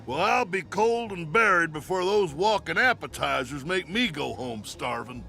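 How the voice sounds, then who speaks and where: A man voicing a stubborn, scrappy male critter farmer in a video game, with a gruff, folksy way of talking. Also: fairly high pitch, lively intonation, normal speed, bright, forceful tone, faint music behind, heavily acted. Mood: regretful.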